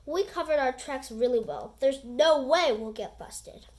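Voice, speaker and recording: A woman's voice: high-pitched, unhurried, a little mellow. Woman doing a cocky young prankster boy. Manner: cocky, reassuring. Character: confident prankster fourth-grade boy.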